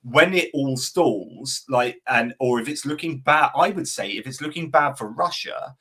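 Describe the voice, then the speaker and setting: A man giving casual political analysis as a livestream guest. He thinks out loud and drops in little quoted asides. His voice sits at a plain middle pitch. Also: animated, measured pace, slightly rough. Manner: conversational, thinks aloud with restarts and quoted asides. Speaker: guest commentator.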